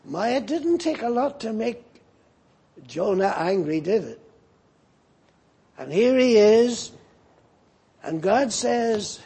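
A man's voice: high-pitched, sing-song, slow, creaky, pauses often, dark tone, slightly rough. A man preaching a sermon and animatedly voicing the scripture figures as he retells the story.

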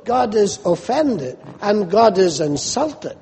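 A man preaching a sermon slowly and emphatically, his voice rising sharply when he quotes questions. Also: high-pitched, dark tone, big-room sound.

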